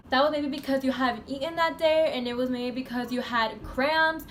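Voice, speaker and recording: A faint hiss or hum runs under this high-pitched American woman as she speaks at a moderate pace. In her casual vlog she rambles chattily through a personal story, relying heavily on "like" as a filler.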